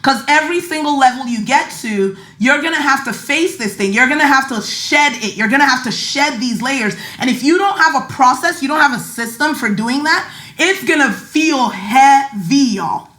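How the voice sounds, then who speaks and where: A woman with a slight Nigerian accent speaks in a high, bright register, talking straight to her listeners in a casual motivational style. She stresses points by repeating words and keeps a chatty, emphatic flow. Her voice carries a noticeable echo, as if recorded in a bare room. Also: lively intonation, normal speed. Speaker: podcast host and finance coach.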